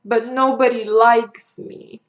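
A woman voicing a young boy who worries that nobody loves him, in a high pleading childlike voice. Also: level tone, slow, muffled recording, slight background noise. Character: young boy, anxious and wanting to be loved.

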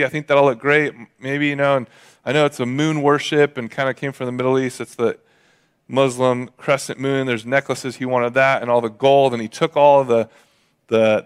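A man preaching a sermon, retelling a Bible story casually and acting out the characters' lines in quick voices. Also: medium pitch, smooth. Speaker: pastor.

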